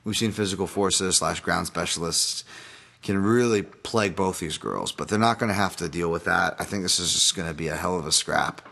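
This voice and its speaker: A man's voice: low-pitched, normal speed, vocal fry, bright, forceful tone. A man hosting a casual solo podcast, breaking down fights in a rambling, self-deprecating way with many fillers and restarts. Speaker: podcast host, fight analyst.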